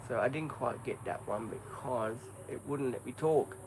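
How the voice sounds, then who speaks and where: Against background noise, an Australian live stream host speaks at normal speed in a medium-pitched voice. He rambles in a relaxed way, saying "um" a lot during the casual chat.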